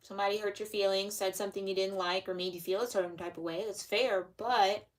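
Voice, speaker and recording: This young woman speaks fast at a medium pitch with a steady tone. She's doing a casual, rambling tarot reading, chatty and loose, packed with fillers.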